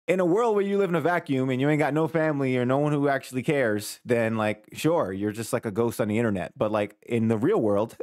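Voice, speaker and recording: A man's voice: medium pitch, no room sound, clean studio sound. Man in his thirties, casual reaction host. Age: 30s. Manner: conversational, thinking aloud with many "like"s. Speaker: live-stream reaction host.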